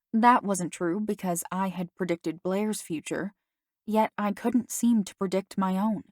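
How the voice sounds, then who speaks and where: A woman narrating a first-person novel as an audiobook, in a steady storytelling manner. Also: mid-range voice, a little slow, dry recording, clean studio sound.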